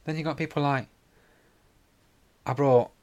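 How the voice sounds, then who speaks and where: A podcast co-host with a steady, slightly mellow mid-range voice speaks at a measured pace. In casual chat, he tells rambling stories packed with swearing and acts out the dialogue.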